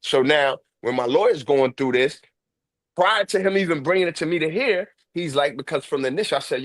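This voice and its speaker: A man's voice: on the high side, lively intonation, fairly quick, dry recording. A man with a New York accent telling a story in casual chat, with a harsh, aggressive way of talking. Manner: harsh, aggressive street talk. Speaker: host.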